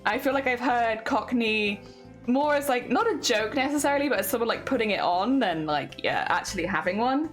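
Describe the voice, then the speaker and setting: A woman's voice: fairly high pitch, lively intonation, moderate pace. A young woman with a southern English accent, chatting casually with viewers on a stream and laughing often. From southern England. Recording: faint music behind.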